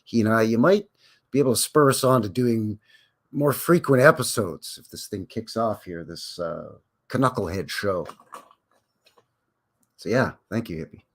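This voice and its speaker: A man's voice: fairly low pitch, unhurried, pauses often. A man hosting a rambling live stream, talking with viewers in a folksy, conversational way full of fillers and asides. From Canada. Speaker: livestream host.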